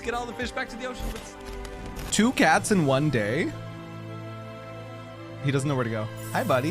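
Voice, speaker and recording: A man streaming a video game live, reacting excitably with gasps and laughter as he comments. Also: fairly high pitch, normal speed, pauses often. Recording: game music playing under the voice.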